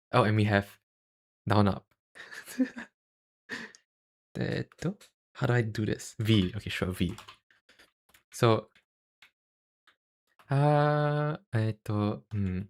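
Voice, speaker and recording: A man streaming, chatting casually about language tones in a halting way, with many fillers and self-deprecating asides. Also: on the low side. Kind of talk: casual livestream chat.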